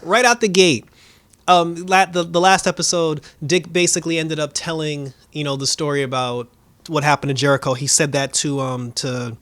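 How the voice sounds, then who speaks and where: Man, high voice, animated, profane, casual reaction recap, quick mimicry of characters. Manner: animated, laughing, slangy and profane. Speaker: show recap host.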